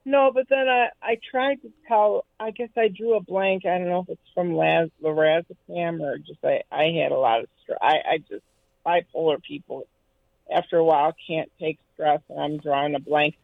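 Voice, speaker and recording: A woman calling in to a radio show, rambling and halting as she searches for words. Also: low voice, steady tone, gravelly, no echo. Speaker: caller. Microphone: telephone. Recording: tinny phone line, dry.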